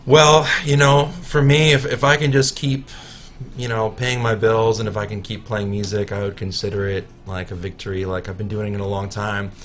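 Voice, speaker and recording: Bright-voiced joking male musician. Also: fairly low pitch, little pitch movement, slight background noise. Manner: joking, self-mocking, halting restarts. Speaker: musician guest. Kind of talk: casual radio interview. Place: radio studio.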